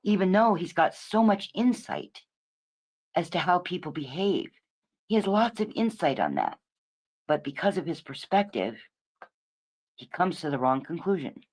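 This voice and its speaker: A woman with a deep, slightly mellow voice hosts a livestream, delivering a casual, profane rant. She rambles, often restarts her words to correct herself, and swings between emphatic lines and muttered asides.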